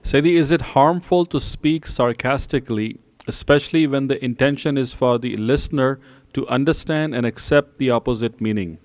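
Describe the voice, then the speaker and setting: Questioner, male, middle pitch, courteous, dry close sound. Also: normal speed, darkish tone, no echo. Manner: polite, formal greeting before asking.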